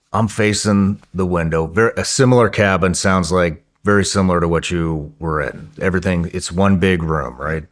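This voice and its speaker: Telling a story as a podcast guest, a low-voiced man gets excitable and casual, cursing freely and repeatedly breaking off to restart his sentences.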